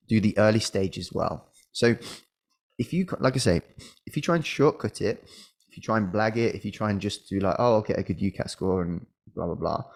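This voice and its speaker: A medical school admissions coach, middle-aged and male, talks with a lowish voice and a darkish tone. He's a little unwell and coughs from time to time, while his conversational advice stumbles along with restarts and filler words.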